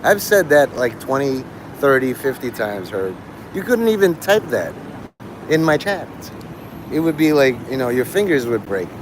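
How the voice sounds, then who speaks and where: A man's voice: medium pitch, very animated, moderate pace. A man hosting a live stream, talking in a rambling, profane monologue that jumps between topics. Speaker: livestream host. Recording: live stream with loud street noise.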